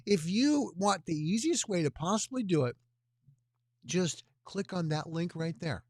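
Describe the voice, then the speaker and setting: Male livestream host, earnest rambling appeal, gravelly, dry and close. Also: a little high, very animated, measured pace, darkish tone, dry recording. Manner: rambling, earnest, talks with his hands.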